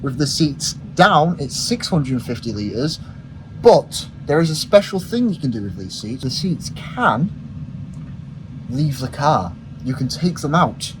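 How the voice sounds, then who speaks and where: A man lays out a car's specs plainly and steadily while his co-host jokes around. His voice is slightly high for a man, with faint outdoor noise behind him. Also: sing-song, unhurried. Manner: matter-of-fact, explains specs. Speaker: car reviewer. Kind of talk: casual car review.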